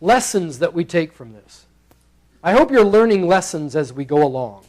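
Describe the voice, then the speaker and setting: Male pastor, high voice, playful sermon delivery that slips into character voices. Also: big pitch swings, normal speed, a little mellow, rough recording. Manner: playful, acts out the characters in bursts. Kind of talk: expository sermon. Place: church sanctuary.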